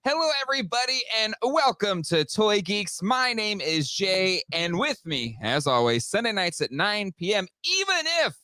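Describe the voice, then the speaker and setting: Bright, high-voiced male talk show host. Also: sing-song. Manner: upbeat, quick fillers and laughs. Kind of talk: live toy talk show, reading out chat names.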